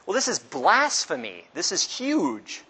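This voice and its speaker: Man, Bible class teacher, slightly high voice, conversational, quizzes the class. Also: huge pitch swings, unhurried, sharp tone, slightly rough. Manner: conversational, asks the class questions, acts out quotes with pitch jumps. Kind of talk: casual Bible class lecture.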